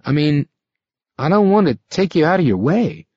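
A nervous young hitchhiker, as a male storyteller puts him on, voice pitched up and pleading with worry in an audiobook reading. The recording sounds dry and a little muffled. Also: sing-song, normal speed, darkish tone, breathy edge, no room sound. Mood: friendly, uneasy. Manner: anxious, pleading, hesitant. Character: frightened young male hitchhiker, shape-shifter.

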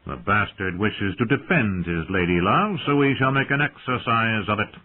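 A cold, sharp-tongued older master-at-arms who sneers at his young charges, read by a man. The voice is low and a little husky. It comes through thin, phone-like audio. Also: moderate pace, lightly acted. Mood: scornful. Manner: cold, cutting and mocking.

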